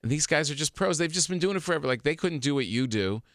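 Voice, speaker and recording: A man guest on a radio show, chatting casually and telling animated stories, laughing often, in a studio. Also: on the high side, quick pace, dry recording. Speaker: comedian guest. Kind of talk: casual interview chat.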